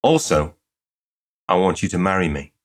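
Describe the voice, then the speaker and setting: A man's voice: low voice, big pitch swings, normal speed. A man reading aloud and voicing a precise, dry-humoured young man proposing in a pastry shop. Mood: deadpan. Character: grave, whimsical red-haired young man.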